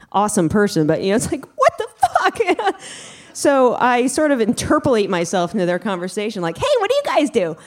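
A woman's voice: on the low side, a little mellow. A young woman telling a personal story to an audience, chatty and wry, with many fillers.

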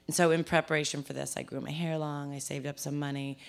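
A woman's voice: deep voice, level tone, fast talker, vocal fry. A woman from the East Coast of the US telling a personal story before an audience, conversational and self-deprecating, often restarting her sentences.

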